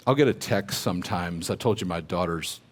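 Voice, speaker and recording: Speaking briskly in a low voice, a middle-aged man tells a roomful of real estate agents personal stories. His approach is conversational and motivational, and he puts questions to the audience.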